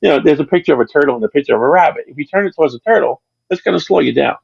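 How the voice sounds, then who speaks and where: A man with a gravelly, husky voice talks in a chatty, rambling way, often stopping and starting over as he tells his stories. The sound is dry and a little dull and lo-fi, with no room around it. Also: a little high, animated, racing, no echo. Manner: rambling, chatty storyteller with frequent restarts. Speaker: channel creator, interview guest. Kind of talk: casual chat on a livestream.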